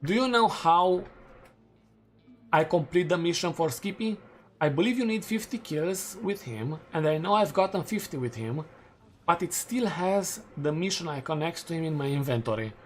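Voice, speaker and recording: Rambling gaming streamer. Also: male voice, a little high, animated, moderate pace, slight background noise. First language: Romanian. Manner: rambling, thinking aloud, hedging and correcting himself. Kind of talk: casual live-stream chat while gaming.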